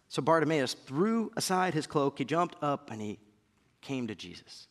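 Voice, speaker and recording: A man preaching a sermon who acts out shouted voices and drops to a hushed low voice. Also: animated, moderate pace, in a large hall. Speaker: pastor.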